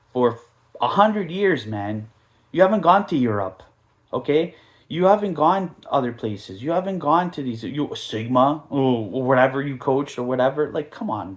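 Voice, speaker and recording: Animated man ranting on a soccer podcast. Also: medium pitch. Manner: animated, mocking, rambling with asides and put-on quotes. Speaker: podcast host. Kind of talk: casual soccer podcast rant.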